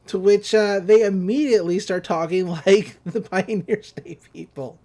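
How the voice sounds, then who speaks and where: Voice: medium pitch, takes it slowly, mellow. A podcast host casually recapping a cartoon episode, amused and rambling, slipping into quoted voices.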